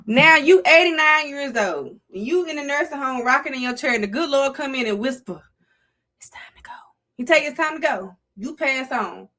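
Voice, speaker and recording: A woman's voice: high voice, lively intonation, moderate pace, hardly any pauses, sharp tone. A middle-aged woman with a Southern US accent, hosting a casual livestream in a playful, preachy way and talking to her chat. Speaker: livestream host.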